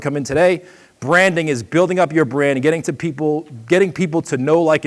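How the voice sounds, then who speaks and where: A middle-aged man from Boston with a Boston accent, giving a quick, energetic, conversational seminar talk. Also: mid-range voice. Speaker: seminar presenter. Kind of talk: trade show seminar talk.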